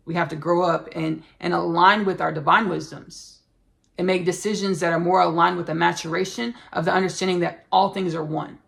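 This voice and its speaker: Female podcast host, gravelly fry-heavy voice, earnest spiritual monologue with halting, repetitive delivery. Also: lowish voice, fairly even intonation, a bit bright.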